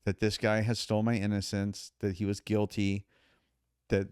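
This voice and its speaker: Low, smooth-voiced man telling his story. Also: moderate pace, no echo, studio quality. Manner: emphatic, animated retelling with quoted dialogue. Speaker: podcast guest. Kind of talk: storytelling in conversation.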